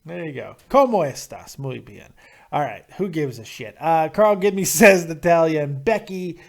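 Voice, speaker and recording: Profane male host, ranting, sarcastic, fairly high voice. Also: expressive, moderate pace, vocal fry. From Nevada, USA. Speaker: call-in show host. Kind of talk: profane call-in wrestling commentary.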